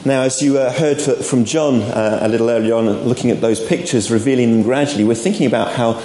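A man's voice: mid-range voice, fast, warm tone. Chatty man preaching in an echoey church. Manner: chatty and informal, with asides to the congregation. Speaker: preacher at an all-age church service. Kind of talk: sermon. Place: church hall. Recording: echoey church room, faint background noise.

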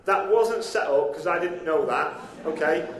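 A man's voice: fairly high pitch, a little slow, a little hiss or hum. A man preaching a sermon as pastor, talking conversationally and throwing questions out to his congregation. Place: church hall. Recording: echoey church hall.

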